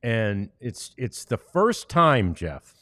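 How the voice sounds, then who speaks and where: A man's voice: mid-range voice, big pitch swings, slow, bright, forceful tone, no echo. A man from the United States hosting a sports podcast, chatting easily with many fillers and reading ads. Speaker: podcast host. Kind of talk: casual sports podcast chat, ad reads.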